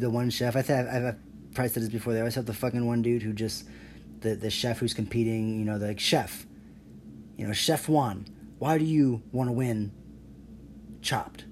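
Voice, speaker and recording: A man's voice: medium pitch, a little mellow, slight background noise. A man hosting his own podcast alone, rambling in a profane, sarcastic rant. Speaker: podcast host.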